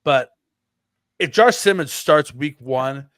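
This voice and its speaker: A man's voice: on the high side, lively intonation, slow pace, a bit bright, no echo, studio quality. A man co-hosting a casual sports podcast, rambling with lots of fillers and restarts. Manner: rambling, filler-heavy, self-correcting. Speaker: podcast co-host.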